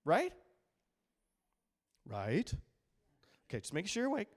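Man preaching a lively sermon. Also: high-pitched, slow pace, breathy edge. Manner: animated storytelling with acted-out quotes. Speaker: pastor.

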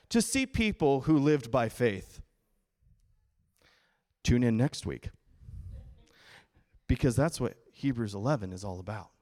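A middle-aged man preaching a sermon as pastor, playful and animated, acting out quoted voices. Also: medium pitch, unhurried, long pauses.

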